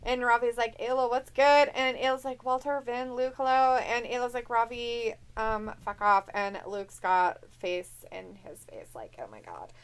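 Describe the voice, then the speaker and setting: A woman's voice: fairly high pitch, fairly even intonation, measured pace, few pauses, clean tone. A woman co-hosting a live stream, chatting casually and reading viewer messages aloud in a teasing, jokey way.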